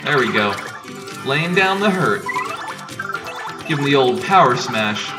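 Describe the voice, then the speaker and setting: A man's voice: mid-range voice, lively intonation, slow pace. A man casually commenting as he plays a video game, offhand and joking. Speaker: let's player. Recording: distant mic with loud game music.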